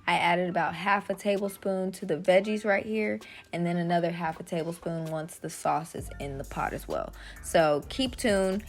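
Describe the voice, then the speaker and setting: A woman's voice: lowish voice, fairly even intonation, normal speed, few pauses. A woman talking viewers through a recipe in her home kitchen, casual and chatty. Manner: chatty, informal, addresses viewers directly. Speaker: cooking vlogger. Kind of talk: casual cooking tutorial. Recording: music playing in background.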